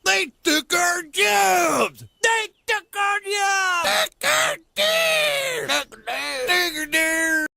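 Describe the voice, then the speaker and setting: Shrill, hollering protester. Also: male voice, expressive, vocal fry, raised voice, crowd noise, exaggerated voice. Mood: outraged. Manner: hollering slogans, drawn-out and slow. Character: shrill, furious, ranting male protester caricature.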